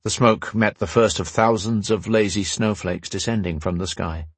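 Audiobook narrator: man, low husky voice, measured, dry close read. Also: dry recording. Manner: measured storytelling. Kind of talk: scripted narration.

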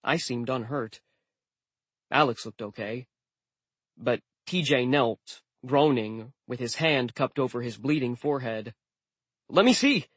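A man narrating a novel in the first person with a steady, wry, measured delivery. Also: mid-range voice, no room sound. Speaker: audiobook narrator.

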